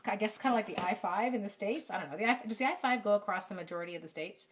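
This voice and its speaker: A woman's voice: mid-range voice, racing, background noise. A middle-aged Canadian woman leading a live card-making lesson from her home craft room, chatty and self-deprecating, talking to viewers by name. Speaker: stamping craft demonstrator. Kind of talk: live-stream craft tutorial with chat. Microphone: camera mic.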